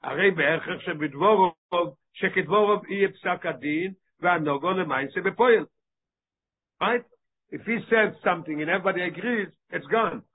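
A male teacher leading a text study class, reading passages rapidly and then explaining them with frequent rhetorical questions. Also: high-pitched, breathy edge. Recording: tinny phone-like line.

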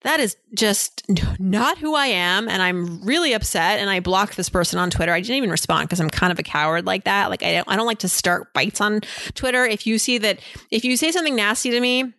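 A woman's voice: mid-range voice, fairly quick, sharp tone, no room sound, clean studio sound. A woman hosting a personal finance podcast, answering listener questions in a chatty, frank way with lots of "you know" fillers.

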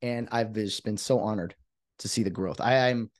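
A man's voice: lowish voice, normal speed, dry recording, studio quality. A man hosting a podcast, talking in a fired-up, emphatic way that rambles with restarts. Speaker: podcast host. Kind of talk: excited podcast monologue.

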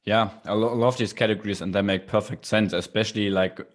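A man's voice: fairly low pitch, fairly even intonation, brisk. A man hosting a podcast, talking casually with many fillers and restarts as he responds to his guest. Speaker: podcast host. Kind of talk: casual interview chat.

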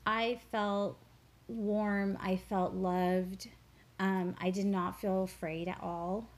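A woman's voice: mid-range voice, level tone, slow pace. A woman guest in an interview, a spiritual teacher, talking earnestly and reflectively about her faith and a childhood memory, with fillers and repeated words. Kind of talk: personal storytelling in an interview.

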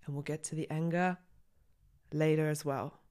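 A woman's voice: low-pitched, fairly even intonation, moderate pace, darkish tone. A young adult woman hosting a podcast, talking candidly and rawly about her feelings, swearing and near tears at times. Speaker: podcast host. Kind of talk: personal reflective monologue.

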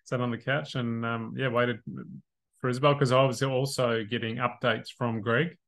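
Brief: relaxed man, mid-pitched, halting casual talk as co-host. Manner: easygoing, halting, many fillers. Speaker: podcast co-host. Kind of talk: casual chat.

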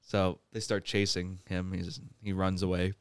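A man's voice: deep voice, flat delivery, a little slow, clean tone, no echo, studio quality. A man hosting a podcast, casually recapping a comedy movie and laughing often as he tells it. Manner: laughs often while retelling. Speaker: podcast host.

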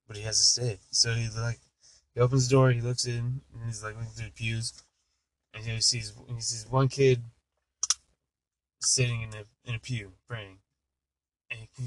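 A man's voice: medium pitch, level tone, a little fast, poor audio. A young man telling a dirty joke in casual chat, rambling and cursing constantly.

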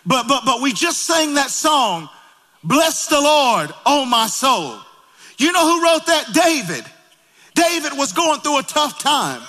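A man preaching a sermon in a church, calling out to the congregation and rising to shouts. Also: very high-pitched, big pitch swings, slow, big-room sound. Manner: calls out to congregation, rises to shouting. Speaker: pastor. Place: church sanctuary.

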